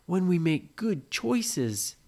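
A woman puts on a young boy from a bedtime story who is easily worked up and easily thrilled. The voice stays low overall and is only lightly lifted from her own. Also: big pitch swings, slow, darkish tone, exaggerated voice. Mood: excited. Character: excitable young boy, hot-tempered then delighted.

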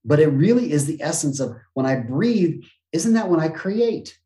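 Motivational coach guy on a podcast, super animated voice that jumps all over, does little voices for quotes, kinda echoey room. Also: a little high, moderate pace. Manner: animated, acts out quoted voices and gasps, casual swearing. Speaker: motivational speaker and business coach, podcast guest. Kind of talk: energetic conversational interview talk.

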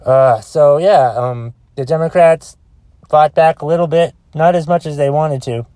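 A man's voice: a little high, a little slow, warm tone, no echo. Profane, exasperated man ranting solo. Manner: exasperated, profane, rambling with restarts. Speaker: solo podcaster. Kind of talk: casual rant. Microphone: phone.

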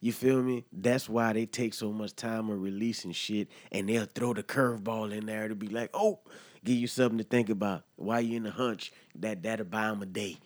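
A man's voice: on the low side, steady tone, moderate pace. Heated, profane man on a podcast. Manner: heated, profane, slangy, talks straight to listeners. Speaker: podcast host. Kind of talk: impassioned solo podcast commentary.

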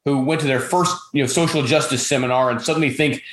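A man's voice: medium pitch, steady tone, fast, a bit bright. Blunt opinionated man, echoey room. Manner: blunt, opinionated, with frequent fillers. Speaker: podcast host. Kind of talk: political chat.

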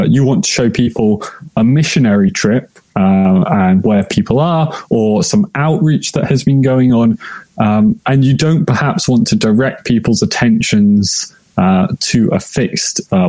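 British male guest, mellow voice, measured and hesitant. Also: medium pitch, no echo. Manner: thoughtful, hesitant with many fillers. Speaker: podcast guest. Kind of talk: casual podcast discussion.

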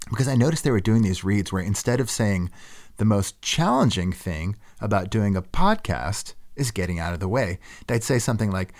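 A man's voice: lowish voice, animated, moderate pace, darkish tone. A man hosting a podcast, talking casually and self-deprecatingly about his own work. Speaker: podcast host. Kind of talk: casual reflective monologue.

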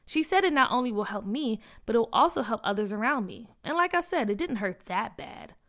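A cheerful schoolgirl , as a woman puts her on, talks loudly and proudly. Her voice sits high and sounds bright. She is a storybook kid who is happy to be at school. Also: animated, brisk. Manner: loud and proud. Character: loud cheerful schoolgirl Tia.

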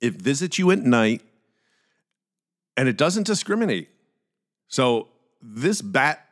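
A man's voice: mid-range voice, animated, a little slow, long pauses. A man with a Philadelphia accent hosting a casual solo podcast, chatty and jokey with self-deprecating asides. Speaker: podcast host.

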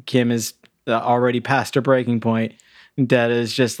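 A man's voice: mid-range voice, flat delivery, normal speed, no room sound, studio quality. A man co-hosting a podcast who chats casually about a film and often chuckles between remarks. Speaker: podcast co-host. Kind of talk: casual movie-review chat.

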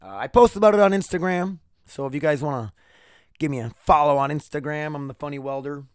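A man's voice: a little high, a little fast, smooth, no room sound, clean studio sound. Rambling, profane man hosting a podcast. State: in pain after neck surgery, wearing a neck brace. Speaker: podcast host. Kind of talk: casual solo podcast chat.

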